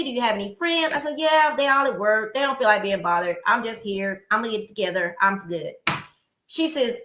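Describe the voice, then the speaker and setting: A middle-aged woman co-hosts a podcast in casual chat, with a fairly high, bright voice. She tells stories in an animated way and acts out the people she quotes. The room around her sounds echoey. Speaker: podcast co-host.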